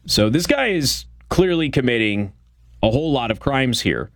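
A man's voice: medium pitch, big pitch swings, normal speed, no room sound, studio quality. A man hosting a political talk show, giving a blunt, opinionated monologue with frequent fillers. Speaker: radio show host.

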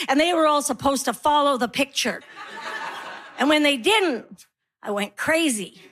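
Middle-aged woman comic, high voice, frazzled mom storyteller who acts out every scene. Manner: animated, exasperated, acts out her kids and herself. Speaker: stand-up comedian. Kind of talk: stand-up comedy storytelling.

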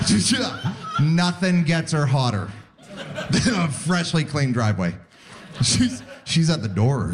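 Animated forty-something man doing stand-up. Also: mid-range voice, measured pace. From Canada. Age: 40s. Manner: laid-back storytelling with animated voiced asides. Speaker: stand-up comedian. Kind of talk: stand-up comedy set. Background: audience laughter.

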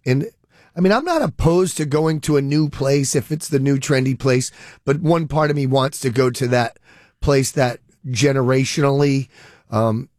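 A man's voice: medium pitch, darkish tone, dry recording, studio quality. A middle-aged man hosting a radio show in casual, rambling chat, a bit mumbly with a summer cold and a cough drop in his mouth. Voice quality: slightly mumbled. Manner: rambling, self-deprecating, joking. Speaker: radio host.

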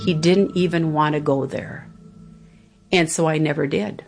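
A middle-aged woman tells a family story in a reflective, conversational way. Her voice sits low and has a gravelly edge. Music plays clearly beneath her. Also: fairly even intonation, moderate pace. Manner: reflective, conversational, quotes others' words. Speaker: interviewee. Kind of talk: personal storytelling.

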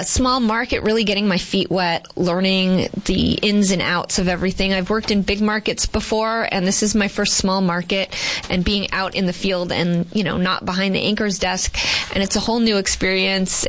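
A woman's voice: mid-range voice, a bit bright. A woman from Boston, a TV news reporter, chatting as an interview guest in a rambling, storytelling way with lots of fillers. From Boston, Massachusetts. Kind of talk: casual interview chat.

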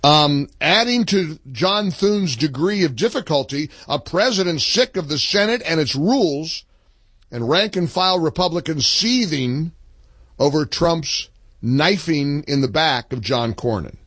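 An older man hosting a political talk radio show, delivering an emphatic monologue that swings between low asides and high outbursts. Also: animated, a little slow, a bit bright, breathy edge, no echo.

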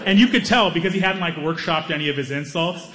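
A man telling a stand-up story, lively, acting out other people's lines. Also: fast, very noisy. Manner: animated, acts out other people's lines in higher voices. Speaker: stand-up comedian.

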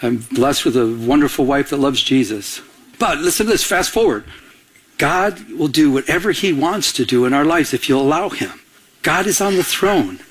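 Husky-voiced man preaching a sermon. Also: fairly high pitch, animated, moderate pace. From Michigan. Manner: storytelling, acts out quoted voices. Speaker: pastor.

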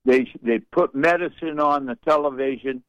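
A man's voice: fairly high pitch, moderate pace, fairly bright tone, no room sound. An older man calling in to a talk radio show, rambling along in a folksy way with colorful sayings. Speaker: radio caller. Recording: muffled phone line.

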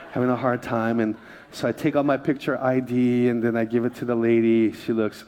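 A man's voice: mid-range voice, level tone, a little fast, darkish tone, a little hiss or hum. Joking, chatty man preaching a sermon. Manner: joking and conversational, repeats phrases. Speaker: pastor.

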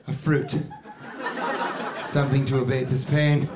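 A man doing a stand-up routine, animated, breaking into shouted, indignant rants. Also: fairly high pitch, moderate pace, a crowd in the background. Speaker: stand-up comedian.

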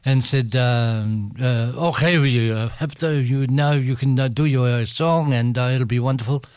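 A man's voice: medium pitch, steady tone, normal speed, a little mellow, clear, resonant tone, no echo. A man telling a rambling anecdote as a radio guest, full of restarts and frequent laughter. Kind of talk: anecdotal storytelling.

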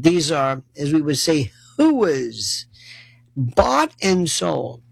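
A gravelly-voiced man rants in a sarcastic monologue, his pitch leaping up and down as he mocks the people he criticizes. He sounds exasperated and acts out their voices with scorn. The sound is close and dry, with no room echo. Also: sing-song, extremely slow. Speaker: commentator. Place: New York City.

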